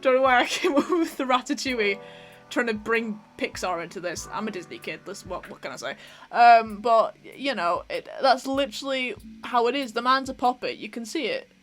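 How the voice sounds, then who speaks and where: Young woman, slightly high voice, casual opinionated chat, frequent laughs, faint guitar music behind. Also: animated, moderate pace. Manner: chatty, opinionated, laughs often. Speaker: vlog host. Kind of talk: casual chat while doing makeup.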